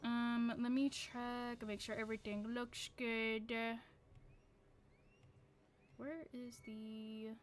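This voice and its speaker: Streamer woman: high-pitched, easygoing slow pace, loose and profane, faint music behind. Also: flat delivery. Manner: loose, profane, self-mocking. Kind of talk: casual live-stream chat.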